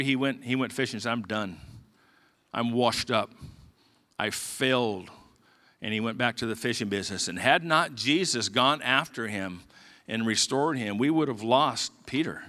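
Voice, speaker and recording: A man preaching a sermon as pastor, reading scripture and telling stories in a conversational way, sometimes dropping low and quiet. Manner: conversational, drops low and quiet for emotional parts. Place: church sanctuary.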